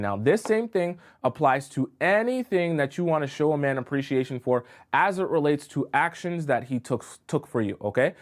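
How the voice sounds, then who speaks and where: A man coaching a live-streamed lesson with a voice of ordinary middle pitch. He talks straight to his chat, often checking in with a quick "okay?". He tends to stumble and repeat himself as he sketches. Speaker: dating coach.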